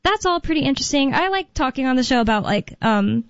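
An American woman chatting on a podcast, rambling through her points with constant fillers and restarts. Her voice sits a little high. The sound is dry and dull, like a lo-fi recording. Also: lively intonation, quick pace, no echo. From United States. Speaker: podcast co-host. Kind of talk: casual chat.

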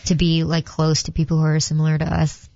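A woman's voice: low voice, monotone, a little fast, gravelly, mellow, no echo. A woman co-hosting a talk radio show, laid-back, mostly giving short agreeing remarks. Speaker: radio co-host. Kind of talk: casual talk radio chat. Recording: dull, dry studio sound.

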